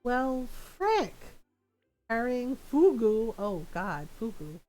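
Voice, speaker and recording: A woman's voice: fairly high pitch, big pitch swings, slow, darkish tone, soft background music, low-quality recording. A young woman streaming a game, chatting casually, rambling as she thinks aloud and laughing often. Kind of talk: casual gameplay chat.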